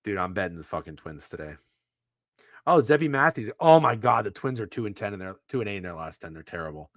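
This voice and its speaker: Animated, profane sports-betting co-host man. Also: lowish voice, fast, no room sound, studio quality. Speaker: podcast co-host. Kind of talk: casual sports betting chat.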